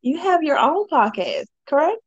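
A woman's voice: high voice, big pitch swings, moderate pace, no echo, lo-fi sound. Chatty podcast host woman, dry sound. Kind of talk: casual interview.

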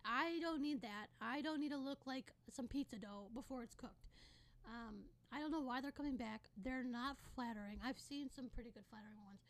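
A teenage girl hosting her own podcast, ranting in a sassy, sarcastic way with sudden loud bursts. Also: high-pitched, normal speed. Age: teens. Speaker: podcast host. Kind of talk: casual solo podcast rant.

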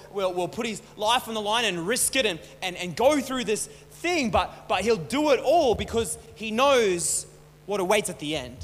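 High-voiced pastor in a reverberant hall. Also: male voice. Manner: casual, repeats and restarts words. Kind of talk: conversational sermon. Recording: long hall reverb, faint hum.

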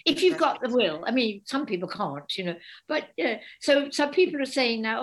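An older woman, a guest author chatting in an interview, an animated storyteller who acts out the voices of people she quotes. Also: fairly high pitch, moderate pace, hardly any pauses. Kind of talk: casual interview chat.

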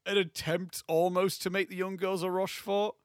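A young man, co-hosting a casual film podcast, animated and laughing often. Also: high voice, normal speed, smooth, dry recording, clean studio sound. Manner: animated, laughs often, acts out scenes in funny voices. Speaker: podcast co-host.

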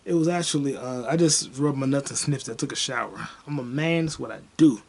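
A young man hosting a podcast alone, ranting about a movie in a profane, rambling way, with bursts of excitement. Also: mid-range voice, a little fast, gravelly, a little hiss or hum. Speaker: podcast host. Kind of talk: casual solo movie review rant.

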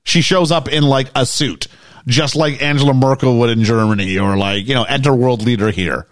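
A man's voice: mid-range voice, normal speed, no room sound, studio quality. A British man hosting a casual movie discussion, joking and rambling with lots of fillers. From United Kingdom. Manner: rambling, jokey, many fillers. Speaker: podcast host.

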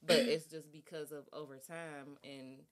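A woman's voice: deep voice, fairly even intonation, a little slow, crowd noise. A woman in a casual podcast chat, talking thoughtfully and searching for words as she goes.

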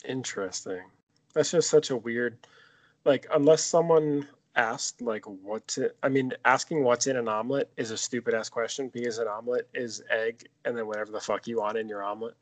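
A man's voice: mid-range voice, steady tone, normal speed. A man in his thirties co-hosting a podcast, joking and swearing through loose casual chat. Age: 30s. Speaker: podcast co-host.

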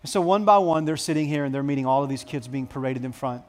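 A man preaching a sermon to his church, telling a story with dramatic swings between hushed and loud. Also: medium pitch, quick pace, soft background music. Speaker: pastor.

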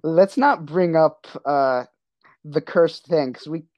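A woman's voice: deep voice, takes it slowly, no echo, lo-fi sound. A young woman hosting a podcast in casual chat, rambling and cutting herself off often. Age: young adult. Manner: rambling, self-interrupting. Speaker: podcast host.

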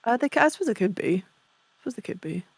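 A woman's voice: mid-range voice, sing-song, rapid-fire, creaky, husky, dry recording. A woman co-hosting a podcast over a video call, chatty and opinionated, explaining things with gusto. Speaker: podcast co-host. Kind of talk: casual chat.

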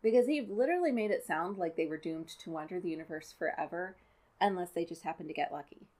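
A woman's voice: lowish voice, fast talker, a little mellow. A woman giving casual, sarcastic commentary as she recaps a movie, exasperated and nitpicking.

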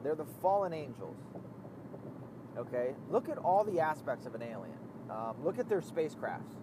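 A man's voice: on the high side, normal speed. A man talking casually while driving, swearing a lot and rambling as he loses his train of thought. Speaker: vlogger. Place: inside a car on the road. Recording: steady car road noise.

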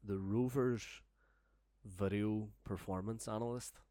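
A man's voice: on the low side, fairly even intonation, takes it slowly, dark tone, dry recording, studio quality. A young man telling a long, rambling, sweary story in casual chat, laughing as he goes. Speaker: storyteller guest. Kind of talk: casual podcast anecdote.

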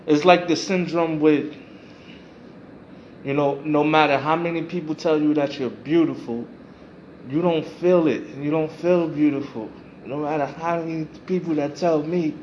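Slow, reflective male podcast host. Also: on the high side, steady tone, a little mellow, lo-fi sound, a little hiss or hum. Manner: reflective, repeats phrases for emphasis. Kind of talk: motivational podcast monologue.

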